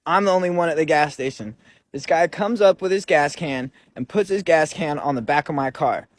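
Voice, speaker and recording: A man with a fairly high voice tells a personal story in a loose, easygoing way. He leans on filler words and keeps the tone conversational. The recording is dry and close, with no room echo. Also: a little fast. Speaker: recovery vlogger.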